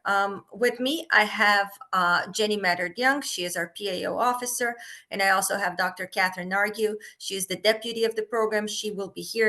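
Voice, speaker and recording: A woman talks a webinar audience through a funding program in a steady, explanatory way. Her pitch sits in the middle of the usual female range, and her delivery is plain and unpolished, with many "um" fillers. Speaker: research funding program manager. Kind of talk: webinar presentation. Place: remote webinar.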